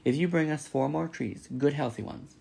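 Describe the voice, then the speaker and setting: A man reading a storybook, voicing a gruff, stubborn male beaver who is kind underneath. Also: fairly high pitch, normal speed, a little mellow, voice pushed up, heavily acted. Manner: gruff, grumbling.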